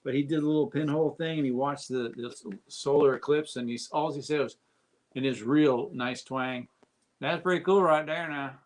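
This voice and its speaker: A man's voice: medium pitch, steady tone, fairly quick, a little mellow. Joking man co-hosting a live stream. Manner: joking, teasing banter. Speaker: co-host. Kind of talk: casual live-stream chat.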